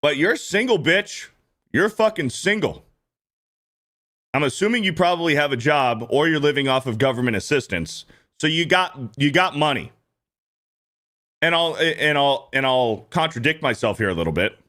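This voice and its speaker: A male host delivers blunt, profane reaction commentary, his pitch swinging widely as he rants. He talks in an animated, mid-pitched voice. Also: normal speed.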